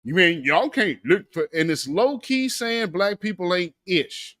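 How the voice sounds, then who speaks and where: A man with a high, lively voice that swings widely as he rants. He delivers a slangy, sarcastic commentary monologue with heavy emphasis, recorded close and dry. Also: unhurried, dry recording. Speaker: commentary show host.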